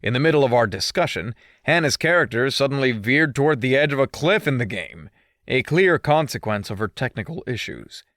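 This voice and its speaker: A man's voice: medium pitch, big pitch swings, a little fast, a bit bright, no echo, clean studio sound. A male audiobook narrator reading a first-person story with a mischievous, teasing manner.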